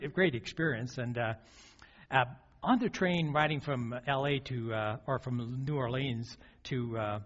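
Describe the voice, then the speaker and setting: A man's voice: a little high, a bit bright. A male pastor giving a sermon. He tells a story with frequent restarts and fillers. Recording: dull lo-fi recording.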